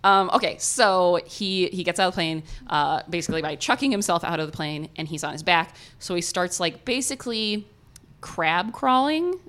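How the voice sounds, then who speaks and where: A woman with an Ohio American accent, retelling a story in casual, animated podcast chat with many filler words. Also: lowish voice, normal speed. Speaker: podcast co-host.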